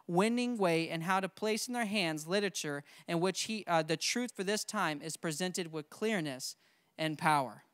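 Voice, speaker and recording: A young adult man leading a church training seminar, coaching his audience with lively call-and-response. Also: high-pitched, clean tone, dry recording, clean studio sound. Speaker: seminar presenter.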